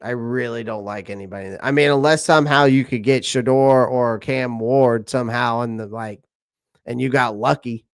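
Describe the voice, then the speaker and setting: A man's voice: mid-range voice, fairly even intonation, moderate pace, smooth, no echo, clean studio sound. A man from South Carolina, hosting a casual live stream, reading out viewer comments and answering them in a chatty way that repeats his points. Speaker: channel host answering live chat.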